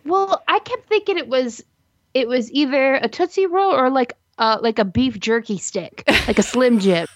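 A woman co-hosting a podcast, chatting casually about a movie, giggly and animated, swearing now and then. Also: sits high, moderate pace, no room sound, clean studio sound. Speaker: podcast co-host.

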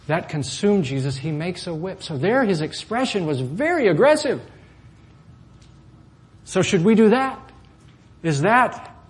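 A man preaching a sermon to a congregation, lively and often asking questions of his listeners. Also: a little high. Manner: animated, asks the audience questions. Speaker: pastor.

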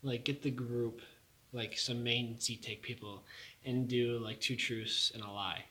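Bright-voiced young man, chatty. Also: medium pitch, fairly even intonation, takes it slowly, a little hiss or hum. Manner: rambling, lots of "like" and laughter. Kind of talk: casual chat.

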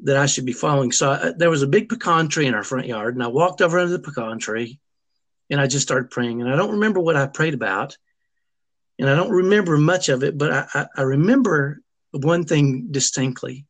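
Speaking a little high and with lively intonation, a middle-aged man tells an interviewer about his own family. His delivery is earnest, emotional and halting, with many restarted sentences.

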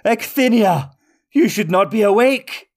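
A man voicing a gleeful, wicked male wizard who gloats theatrically in a raised, drawn-out voice. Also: a little high, voice pushed up, lightly acted. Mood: gloating.

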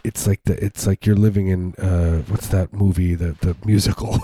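A man with a low, dark, steady-toned voice chats casually and comically at a moderate pace, rambling, joking, and frequently slipping into silly put-on voices. There's a slight hiss or hum in the audio.

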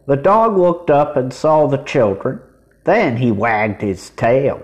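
A man reading a children's chapter book aloud, expressive and voicing the children. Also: mid-range voice, slow. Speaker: podcast reader.

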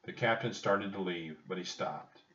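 A man reading a children's chapter book aloud with expressive storytelling. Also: deep voice, normal speed. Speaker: audiobook reader. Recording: distant roomy dull home recording.

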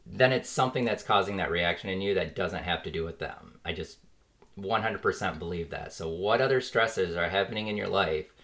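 Deep voiced guy in his 30s just chatting on his podcast, lots of likes, little laughs here and there. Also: a little fast, a bit bright. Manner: rambling, frequent "like" fillers, earnest; chuckles now and then while talking. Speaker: podcast host. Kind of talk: casual reflective monologue.

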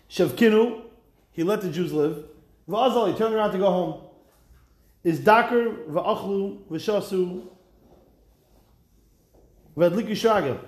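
A man teaching a Talmud class, reading each line and retelling it as a lively story with wry asides. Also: sits high, echoey room.

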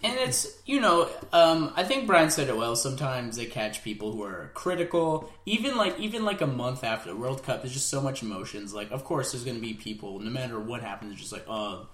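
A man co-hosting a podcast in a casual chat, relaxed and hesitant, with many fillers. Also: mid-range voice, a little fast, hardly any pauses. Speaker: podcast co-host. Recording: echoey room.

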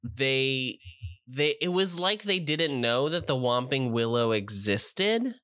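A man's voice: medium pitch, sing-song, slow pace, bright, forceful tone, no echo, studio quality. A man co-hosting a podcast in casual chat, musing and thinking aloud. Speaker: podcast co-host.

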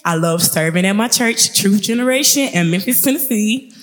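A woman in her twenties with a thick Mississippi Southern accent, hosting a podcast in a chatty, upbeat monologue that speeds up when she gets excited. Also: mid-range voice, moderate pace. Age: 20s. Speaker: podcast host. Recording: long reverb.

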